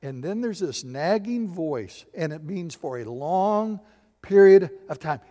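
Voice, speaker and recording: A man preaching a sermon as pastor, animated, acting out little voices and asking the congregation questions. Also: a little high, unhurried, in a large hall.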